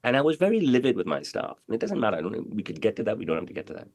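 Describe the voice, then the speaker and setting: A man's voice: on the low side, wildly swooping pitch, racing, a little mellow, no echo. A man giving an interview in casual talk, swaggering and profane, rambling with lots of repeated fillers. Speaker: interview guest, tailor.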